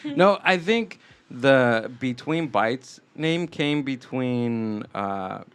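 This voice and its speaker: A man's voice: mid-range voice, animated, drawn-out words, clean tone. A man chatting on a podcast in a laid-back, hesitant way with lots of fillers. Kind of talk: casual podcast chat.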